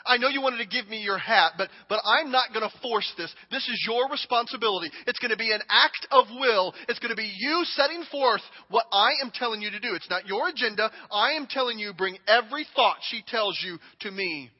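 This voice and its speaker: A man preaching a sermon and acting out a king speaking, dramatic and emphatic, moving between hushed lines and shouting. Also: high-pitched, lively intonation, fairly quick, few pauses. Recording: long hall reverb, dull audio.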